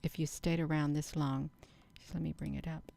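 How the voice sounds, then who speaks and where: A middle-aged woman hosting her own channel, talking slowly and earnestly to her viewers in a rambling casual monologue. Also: deep voice, flat delivery, gravelly, dark tone. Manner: slow, earnest, addresses viewers as "you all". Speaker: channel host.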